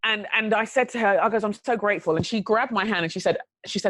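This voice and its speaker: A woman's voice: medium pitch, dry recording. A woman, a podcast guest telling a personal story in conversation with frequent restarts. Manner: animated, quick restarts while recounting a story.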